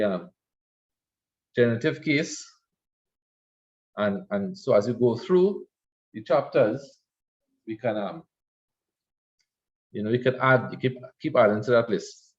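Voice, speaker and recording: Patient male grammar teacher, lo-fi. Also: on the low side. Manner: patient, repeats points, frequent "right?" checks. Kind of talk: online class lecture.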